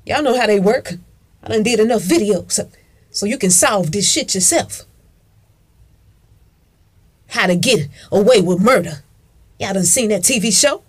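A woman's voice: mid-range voice, animated, a little slow, pauses often, husky. A woman talking straight to her viewers in a casual rant, emphatic and profane, repeating herself, calling listeners "honey" and answering her own questions. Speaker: video commentator. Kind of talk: casual ranting monologue.

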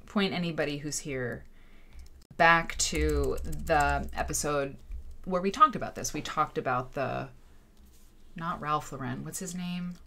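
Animated, exasperated woman livestream host. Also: deep voice, unhurried, vocal fry. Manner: animated, exasperated, sarcastic asides. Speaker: quilt show host. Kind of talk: livestream talk. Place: home studio with green screen.

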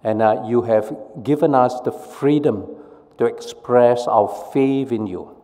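A male pastor giving a prayer and sermon in a measured, storytelling way. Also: mid-range voice, mellow. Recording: long reverb of a worship hall.

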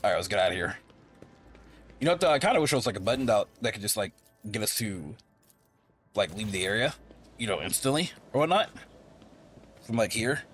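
A man's voice: lowish voice, big pitch swings, fairly quick, pauses often, a bit bright, soft background music. A man commentating casually over a game he is playing, rambling and thinking aloud. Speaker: gameplay streamer.

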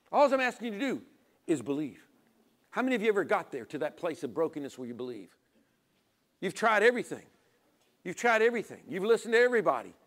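High-voiced preacher swinging loud to hushed. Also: male voice. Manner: swings from loud urging to quiet near-whispers; acts out little dialogues with God and people. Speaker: pastor. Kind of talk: sermon.

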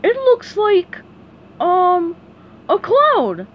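A woman doing a dopey loud cartoon starfish. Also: very high-pitched, huge pitch swings, drawn-out words, dull audio, slight background noise, pitched above the performer's own voice, exaggerated voice. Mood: excited. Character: dim-witted cheerful male starfish.

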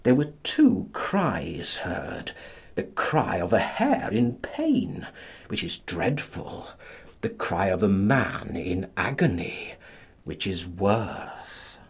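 A man narrating a classic novel as an audiobook in a dramatic, expressive manner. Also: sits low, slow, husky.

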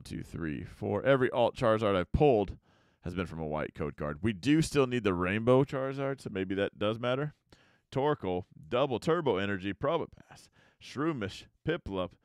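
Opening card packs for YouTube, an American host chats casually and mutters the names of cards as they come up. His mid-range voice is smooth, captured in a dry, clean studio recording.

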